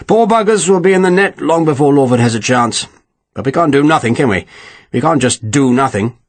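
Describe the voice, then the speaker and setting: A man's voice: mid-range voice, lively intonation, a little fast, close to an everyday voice. A man voicing a foul-mouthed, irate older general who barks scornful orders in an audiobook. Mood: angry scornful. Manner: scornful, swearing, barking.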